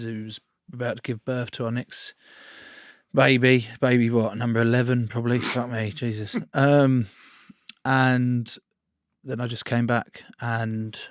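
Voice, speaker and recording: A man in his thirties speaks as a podcast guest, blunt and sweary with a self-mocking edge. His pitch sits mid-range for a man, and the sound is close and dry with no room echo. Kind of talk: candid conversational storytelling.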